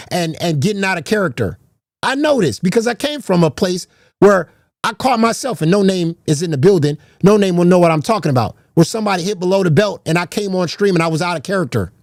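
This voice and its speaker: A man's voice: high voice, a little mellow, no echo, studio quality. A man streaming a heated, profane rant, confrontational and repeating himself as he calls out rivals. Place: garage.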